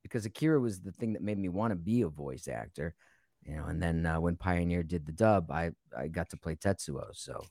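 A man's voice: deep voice, brisk, a little mellow, no room sound, clean studio sound. A man voice actor on a panel, joking playfully in casual chat. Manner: playful, jokey. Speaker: voice actor guest.

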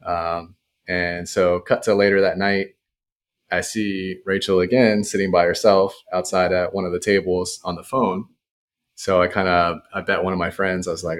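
Guy with a really deep voice telling his side of the story, laid-back. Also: flat delivery, moderate pace. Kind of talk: casual storytelling.

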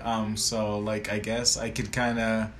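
A man's voice: fairly low pitch, monotone, measured pace. A man in his thirties from California, a guest in a casual podcast chat, talking in a loose, laid-back and profane way.

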